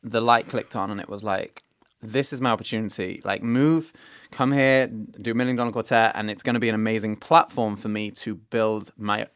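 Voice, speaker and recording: A man's voice: on the low side, steady tone, moderate pace, fairly bright tone, dry recording. Young british guy, chatty, lots of ums, dry close mic. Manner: chatty, self-deprecating, full of fillers. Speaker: performer guest. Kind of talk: casual interview chat.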